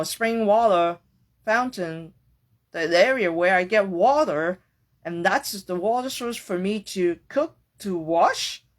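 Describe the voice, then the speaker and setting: Speaking in a lowish voice, a woman hosts a podcast and muses aloud in a reflective personal monologue. She sounds earnest and searching, and she stays casual, letting a swear word slip now and then.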